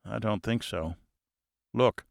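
Man reading a steady, wry male researcher. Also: on the low side, slow, creaky, dry recording, clean studio sound.

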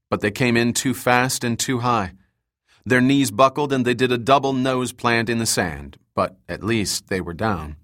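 Male narrator with a lowish voice. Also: a bit bright. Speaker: audiobook narrator. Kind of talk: scripted narration.

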